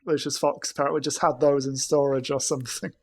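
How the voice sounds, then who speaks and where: A man co-hosting a casual film discussion, halting and repeating words as he thinks aloud. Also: mid-range voice, level tone, a little mellow, husky. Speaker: podcast co-host.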